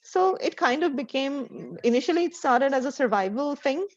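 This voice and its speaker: A woman in her forties from India, an English tutor whose Indian English carries American-trained tones, talking in a chatty, expressive way with frequent laughs. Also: high voice, normal speed. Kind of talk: casual online conversation practice. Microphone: video call. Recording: dry lo-fi video call audio.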